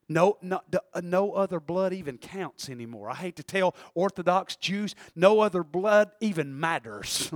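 A man preaching a sermon, swinging from shouts to low murmurs. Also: animated, moderate pace, no echo, clean studio sound.

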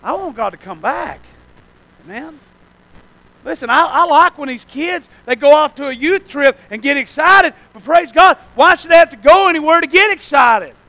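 A male preacher with a remarkably high, sharp and forceful voice delivers a fervent revival sermon. He keeps checking in with the congregation and sometimes rises into shouts. The sound is dry and close, with no room echo. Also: lively intonation, moderate pace. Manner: fervent, calls out "amen?" to the congregation; breaks into shouts at high points.

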